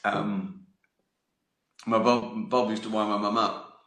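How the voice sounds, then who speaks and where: Guy in his 50s rambling and swearing, lowish bright voice, echoey room. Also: little pitch movement, takes it slowly. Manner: rambling, laughing, swears freely. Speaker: host of his own live stream. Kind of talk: casual storytelling chat. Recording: roomy echo.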